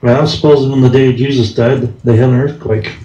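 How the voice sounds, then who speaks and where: Calm man, dull roomy sound. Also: mid-range voice, fairly quick. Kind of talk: casual live chat.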